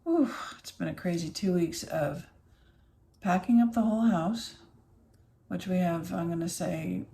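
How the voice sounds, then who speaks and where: A woman's voice: lowish voice, measured pace, gravelly, warm tone, slight background noise. A tired middle-aged woman chatting casually in an emptied home office, emotional and full of fillers. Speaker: vlogger. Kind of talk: casual vlog chat.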